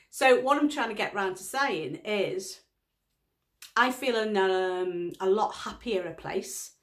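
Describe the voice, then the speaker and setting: A middle-aged woman, telling a story in a casual vlog, laughing often and acting out the lines of a conversation. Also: medium pitch. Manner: chatty storytelling, laughs often, acts out dialogue. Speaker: vlogger. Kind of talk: casual chat.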